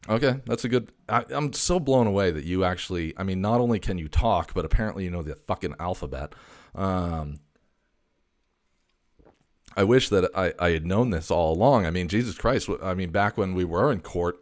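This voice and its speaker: A man's voice: low voice, normal speed. A man hosting a casual comedy livestream, joking and laid-back with frequent stammers. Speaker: show host.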